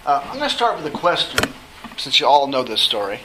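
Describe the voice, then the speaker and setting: A man's voice: medium pitch, very animated, background noise. A man teaching a Bible study lesson, talking conversationally and putting questions to the class. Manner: conversational, asks the class questions, halting restarts.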